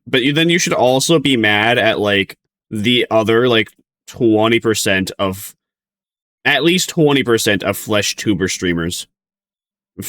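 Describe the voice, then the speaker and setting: A man's voice: lowish voice, a bit bright. A man streaming casual reaction commentary, rambling with frequent laughs and mocking sing-song outbursts.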